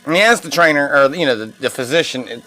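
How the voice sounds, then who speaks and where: A man with a bright, forceful voice hosts a loose wrestling podcast. He rambles and reacts excitedly, dropping swear words as he goes. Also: a little high, quick pace. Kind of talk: casual live wrestling review chat.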